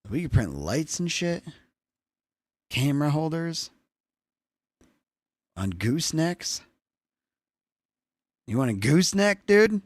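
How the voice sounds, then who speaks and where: A man's voice: fairly high pitch, big pitch swings, slow pace, long pauses, no echo, studio quality. A young man livestreaming, chatting casually and jokily with his viewers, with loose swearing. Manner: loose, swearing, jokey with chat. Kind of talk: casual chat.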